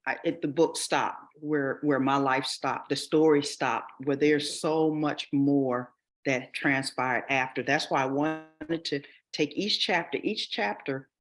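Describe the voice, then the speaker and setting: A woman's voice: low voice, steady tone, slow. A woman author being interviewed over a video call, speaking in an earnest, reflective way and often restarting her sentences. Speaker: author and guest. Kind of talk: interview conversation.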